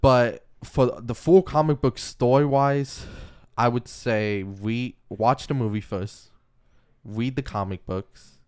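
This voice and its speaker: A young man co-hosts a podcast, chatting casually and loosely about comics and movies. He often stops to correct himself and laughs easily. His voice is mid-range, slow and smooth.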